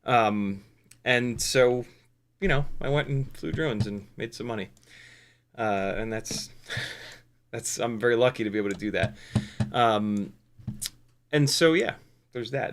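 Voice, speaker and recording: A man hosting a casual live stream, joking around, animated and swearing freely. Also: medium pitch, a little slow, pauses often, a little hiss or hum. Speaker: livestream host.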